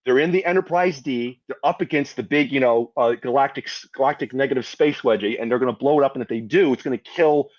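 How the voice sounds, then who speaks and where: A man's voice: mid-range voice, quick pace, few pauses, a little mellow, muffled recording. A man talking as a guest on a podcast, casually and with feeling, swearing freely and acting out scenes he retells. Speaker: guest panelist.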